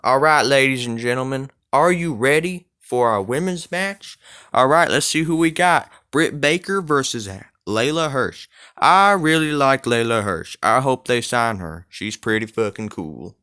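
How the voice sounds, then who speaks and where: A man's voice: mid-range voice, lively intonation, unhurried, pushed and bright, smooth. A man putting on a Southern US accent to play a showy male ring announcer, hyping up a match. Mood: hyped. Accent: Southern US (put on).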